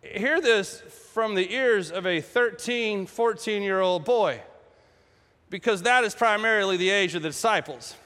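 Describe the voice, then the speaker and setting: A man preaching a sermon in a casual, humorous and animated way. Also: sits high, a little slow. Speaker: pastor. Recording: echoey hall.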